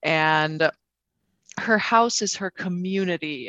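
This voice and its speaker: A woman's voice: sits low, measured pace, long pauses, fairly bright tone, dry recording, highs cut off. A woman player chatting casually and explaining at a tabletop game.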